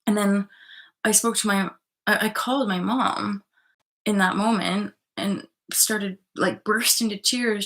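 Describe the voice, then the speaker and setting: A young woman hosts a tarot livestream in a relaxed, candid way. She greets viewers and reads out their comments. She swears freely and breaks into loud outbursts when she retells what happened to her. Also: mid-range voice, measured pace. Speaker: livestream host reading tarot. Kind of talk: casual livestream chat.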